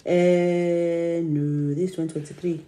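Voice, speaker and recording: Chatty opinionated woman, mellow low voice. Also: level tone, slow pace. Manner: chatty, opinionated, trails off while searching her notes. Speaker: podcast co-host. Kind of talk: casual chat about dramas. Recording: echoey room.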